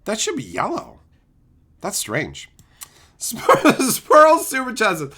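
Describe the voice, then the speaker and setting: A man's voice: high voice, wildly swooping pitch, slow pace, pushed and bright. A man live-streaming, talking crudely and rowdily as he mocks his chat. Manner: crude, rowdy and mocking. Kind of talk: casual live-stream banter.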